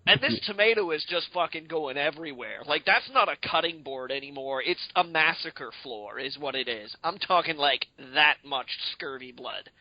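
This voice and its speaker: A male podcast host who rambles through exaggerated comic riffs in a casual chat. His voice sits a little high. The recording is dry and muffled, like a lo-fi home setup. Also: expressive, moderate pace, few pauses, no room sound.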